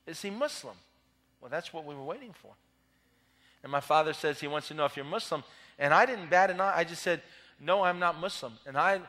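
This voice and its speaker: A man's voice: on the high side, bright, forceful tone. A man from the Middle East preaching a sermon, telling a story and building to fervent exhortation. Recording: long hall reverb.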